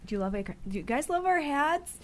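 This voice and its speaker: A woman's voice: high voice, very animated, brisk. A young woman co-hosting a casual chat show, her voice scratchy from a sore throat, bubbly and giggly. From upstate New York. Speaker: co-host.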